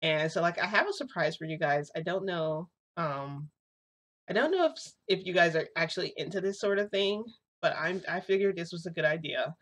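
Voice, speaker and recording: A woman's voice: fairly low pitch, animated, moderate pace. A young woman casually telling a story to her viewers, acting out what others said in chatty dialogue. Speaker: vlogger telling a reality-shifting story.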